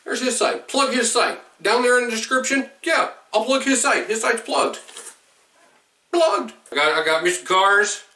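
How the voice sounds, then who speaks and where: Excitable swearing man in an echoey room. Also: moderate pace, hardly any pauses, distant mic. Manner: excitable, swears a lot, swings high when thrilled. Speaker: vlogger opening a fan mail box. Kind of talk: excited unboxing vlog.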